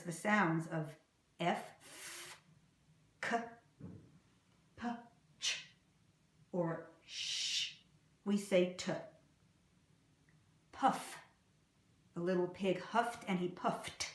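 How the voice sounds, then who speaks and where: A woman teaching English pronunciation, saying example words slowly and clearly and repeating them. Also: medium pitch, reverberant. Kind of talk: slow, deliberate pronunciation lesson.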